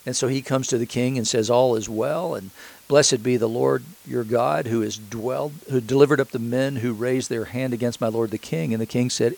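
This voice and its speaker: A middle-aged man giving a sermon, retelling a scripture story in a conversational way with halting restarts. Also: mid-range voice, fairly even intonation, vocal fry, a little mellow, rough recording.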